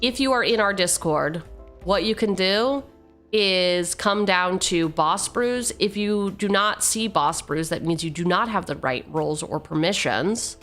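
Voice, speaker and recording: A woman with a lowish voice chats slowly and easily on a live stream, wandering off on tangents and poking fun at herself. She reads card text aloud between asides, and faint music plays underneath. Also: fairly bright tone. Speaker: streamer opening card packs. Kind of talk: casual live-stream chat.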